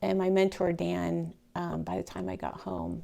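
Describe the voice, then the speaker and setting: Gravelly-voiced woman telling a story. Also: lowish voice, moderate pace, few pauses, background noise. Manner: animated, emotional, swings from loud to near-whisper. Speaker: speaker telling her real estate story. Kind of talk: storytelling talk to a live audience.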